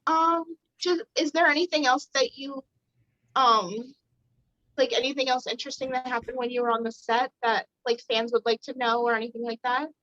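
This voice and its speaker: High-voiced hesitant woman on a dull line. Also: fairly even intonation, normal speed, a bit bright, no echo. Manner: hesitant, full of fillers. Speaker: co-host. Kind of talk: fan podcast question.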